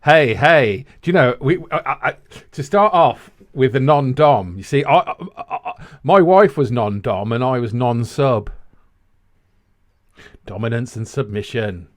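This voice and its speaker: A man's voice: medium pitch, expressive, unhurried. A British man co-hosting a podcast, chatting in a joking, giggly way with lots of stammered restarts. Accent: British English. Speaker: podcast co-host. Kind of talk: casual comedic chat.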